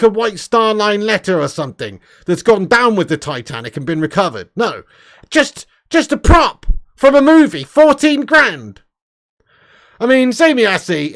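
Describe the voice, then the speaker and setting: A young man hosting a casual livestream, reading super chats, loud and sweary with lots of banter. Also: high-pitched. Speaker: livestream host.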